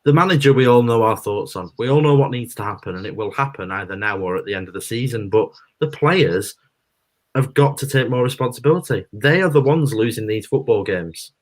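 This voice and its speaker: A man's voice: mid-range voice, expressive, brisk. A man co-hosting a live football watchalong, bluntly pessimistic about his team's chances. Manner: gloomy and blunt. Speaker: football fan co-host. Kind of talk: casual live watchalong chat.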